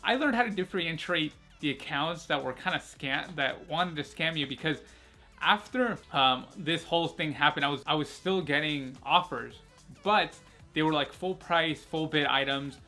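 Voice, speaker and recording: Brief: young male vlogger, slightly high voice, rambling and candid, faint music underneath. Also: moderate pace, bright, forceful tone. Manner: rambling, filler-heavy, candid and self-mocking. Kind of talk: casual storytelling to camera.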